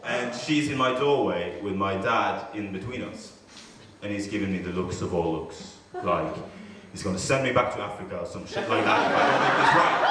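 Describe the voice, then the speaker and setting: A man's voice: fairly low pitch, noisy background. A man performing a comic personal story live on stage, swearing and acting out scenes. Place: stage before a live audience. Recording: echoey stage from far off.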